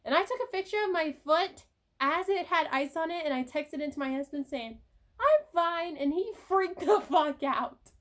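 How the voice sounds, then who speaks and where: High-voiced young woman telling stories. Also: moderate pace. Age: young adult. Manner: animated, swears casually, acts out moments. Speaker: vlogger. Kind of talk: casual storytelling vlog.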